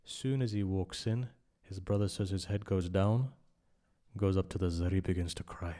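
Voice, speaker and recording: A man giving an impassioned sermon at a memorial gathering, telling a story and swinging between loud emphasis and hushed asides. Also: low-pitched, fairly even intonation, moderate pace. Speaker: speaker at a memorial majlis.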